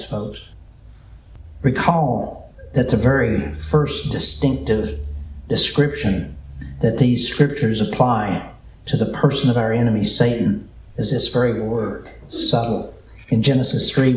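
Southern pastor, mid-pitched, unhurried drawl, echoey sanctuary with light background hum. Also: male voice. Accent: Southern American. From American South. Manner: slow, deliberate preaching with a drawl and repeated phrases. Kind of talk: sermon.

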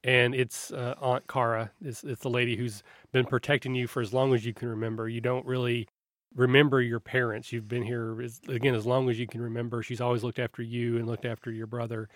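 A man's voice: mid-range voice, flat delivery, fairly quick, no echo, studio quality. A man running a tabletop game as game master, describing scenes in a loose, rambling way with frequent restarts.

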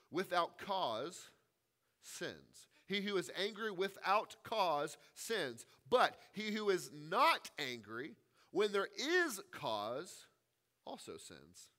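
A man's voice: on the high side, sharp tone. A man preaching a sermon as pastor, stressing his points and repeating key phrases.

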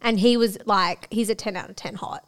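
A woman's voice: mid-range voice, fairly even intonation. A woman co-hosting a podcast, chatting casually and laughing often as she retells stories with acted-out quotes. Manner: giggly, quick storyteller acting out quotes. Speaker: podcast co-host. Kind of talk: casual chat.

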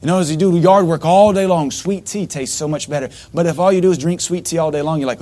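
Animated man preaching a sermon. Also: a little high, fast, hardly any pauses. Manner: animated preaching with sudden loud outbursts and mocking asides. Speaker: pastor.

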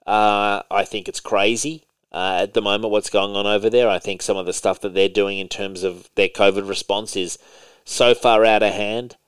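A man's voice: lowish voice, fairly even intonation, moderate pace, smooth, dry recording. A man co-hosting a casual podcast chat, rambling with lots of fillers and restarts and swearing freely. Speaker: podcast co-host.

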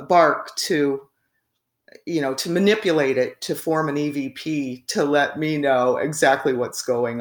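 A woman telling a story casually as a guest, rambling with frequent fillers and laughs. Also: sits low. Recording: echoey room.

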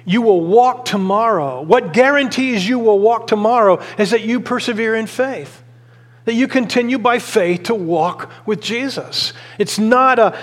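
A middle-aged man preaching a sermon, telling a story with restarts and rising into passionate, emphatic exhortation. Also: high voice. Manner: conversational storytelling with many restarts. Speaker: pastor. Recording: long hall reverb.

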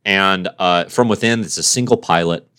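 A man with a very deep voice tells an invented superhero origin story, rambling and deadpan. His delivery is playful and loose, like an improvised chat between friends. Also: moderate pace, smooth.

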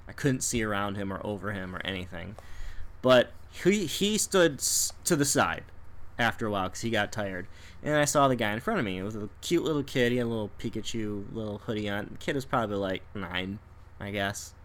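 A man's voice: on the low side, fairly quick. A man in casual chat telling a story with lots of energy, laughing and acting out the people in it. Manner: animated, laughs often, acts out people in quotes.

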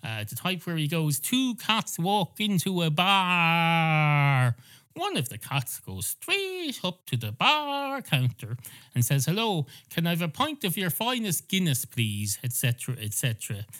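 A man with an Irish accent playing a calm male barman who patiently explains things. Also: on the high side, measured pace, voice pushed up, full character voice.

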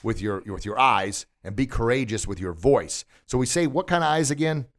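A man's voice: medium pitch, lively intonation, normal speed. A man hosting a coaching podcast from a recording studio, encouraging and upbeat, quizzing his listener with questions and praising the answers. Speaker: podcast host and martial arts instructor. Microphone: studio microphone.

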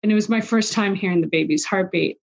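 A woman's voice: medium pitch, fast, creaky. Woman host, heartfelt storyteller, slightly muffled lo-fi audio. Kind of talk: casual podcast conversation.

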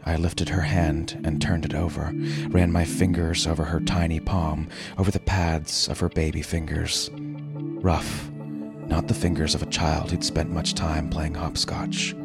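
Very deep-voiced male storyteller. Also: creaky. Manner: measured, dramatic storytelling. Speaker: story narrator. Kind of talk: scripted first-person story reading. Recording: narration over background music.

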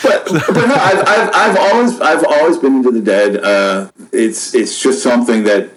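A man in his fifties from upstate New York, a podcast guest telling stories in a relaxed, rambling way with lots of fillers. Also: mid-range voice, normal speed, noisy background. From Buffalo, New York, USA. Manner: rambling, laid-back, many fillers and restarts. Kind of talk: casual storytelling chat.

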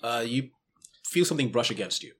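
Husky fast-talking game master. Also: male voice, mid-range voice, animated. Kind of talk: narrating a tabletop game.

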